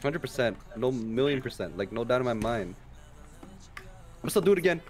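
A man's voice: medium pitch, expressive, fairly quick, faint music behind. Teasing young man on voice chat. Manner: teasing, laughs often, blunt. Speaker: gaming friend. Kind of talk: casual gaming voice chat.

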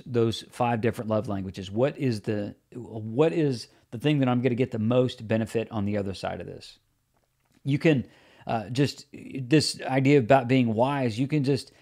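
A male podcast host with a medium-pitched, slightly mellow voice teaches solo, offering earnest, plain-spoken practical advice about encouragement.

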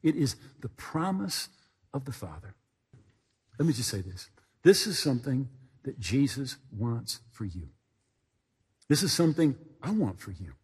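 A man's voice: medium pitch, very animated, measured pace, long pauses, a little mellow, slightly rough, in a large hall. A male pastor telling a story in a sermon, folksy and anecdotal, often turning to ask the congregation questions.

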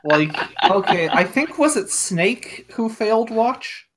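A man's voice: high voice, animated, takes it slowly, background noise. A man joking around while playing a tabletop game. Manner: joking, teasing. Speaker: player. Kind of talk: casual tabletop game chat.

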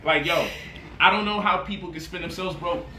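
A man hosting a lively talk about money, boasting, laughing and swearing freely, and mocking his critics in quoted voices. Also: high voice, brisk, echoey room, slight background noise. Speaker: host. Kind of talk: animated livestream talk.

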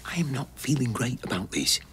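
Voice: mid-range voice, animated, fairly quick, natural voice. A performer in a television soap drama, sounding worried and uneasy.

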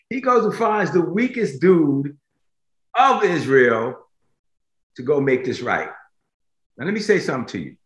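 A male preacher delivers a sermon with a lively voice that swoops up and down. He hammers key phrases again and again and keeps checking that his listeners are with him. His voice rings with the echo of a roomy space. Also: on the high side. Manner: emphatic, repeats phrases for stress, addresses listeners directly.

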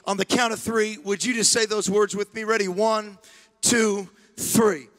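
A man preaching as a guest pastor in a church, repeating his phrases and building to impassioned shouting. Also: high voice, flat delivery, unhurried. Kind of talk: sermon. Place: church sanctuary.

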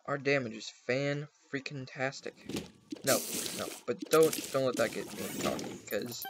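Young male gaming host, goofy and chatty, mid-pitched voice, hissy home setup. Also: normal speed. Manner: chatty, goofy, talks to his pets. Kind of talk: casual let's play commentary. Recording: noisy home recording.

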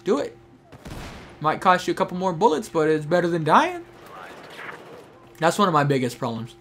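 A man's voice: on the high side, big pitch swings, moderate pace, a bit bright, soft background music. Chatty young man commenting on gameplay. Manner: chatty, talks to teammates and viewers while playing. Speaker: gameplay streamer. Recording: faint game gunfire behind.

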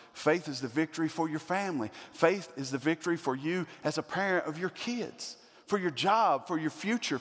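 A man's voice: on the high side, big-room sound. A man preaching a sermon as pastor, building to emphatic repeated questions. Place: church sanctuary.

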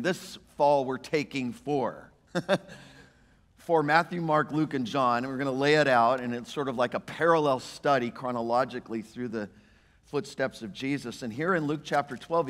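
A male pastor, preaching a sermon in an emphatic, animated way and voicing the quotes he reads. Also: medium pitch. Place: church sanctuary. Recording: church hall reverb.

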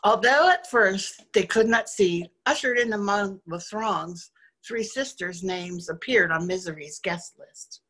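A woman's voice: mid-range voice, sharp tone. Woman reciting a rhyming poem. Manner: rhythmic, measured reading in rhyme. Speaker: guest speaker. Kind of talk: poetry recitation.

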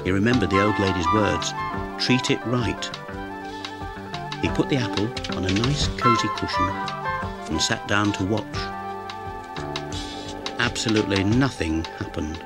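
A man narrating a cartoon story in a gentle, storytelling manner. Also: lowish voice, normal speed, pauses often. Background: music.

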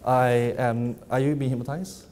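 A man giving a live lecture, guiding volunteers through hypnosis with slow, soothing suggestions between upbeat stage remarks. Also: mid-range voice, fairly even intonation, a little mellow. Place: large lecture hall with audience. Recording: echoey hall, faint noise.

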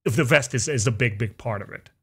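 A man hosting a podcast, chatting casually and opinionatedly, his pitch jumping up for emphasis. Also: fast, gravelly, husky. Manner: opinionated, animated, jumps into high pitch for emphasis. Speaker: podcast host. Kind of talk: casual chat.

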